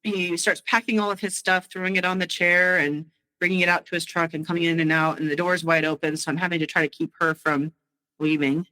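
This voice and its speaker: A woman with a bright, forceful voice recounts a painful memory in halting, emotional bursts. She restarts her sentences often as she goes back over the night. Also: fairly low pitch, steady tone, rough recording. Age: adult. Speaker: guest sharing her story. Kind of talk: personal storytelling.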